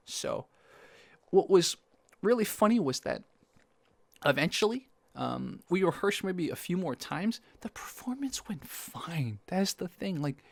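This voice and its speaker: A young man, outdoors, casually telling a personal story to camera, acting out quoted lines with animated energy. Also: a little high, creaky, no room sound. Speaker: vlogger. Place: outdoors in sunlight.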